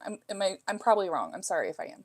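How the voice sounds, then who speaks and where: A woman's voice: medium pitch, very animated, racing. A middle-aged woman hosting a casual live chat from home, reading viewer comments aloud and musing on her life with fillers and restarts. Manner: chatty and self-reflective, with frequent fillers. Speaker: live stream host.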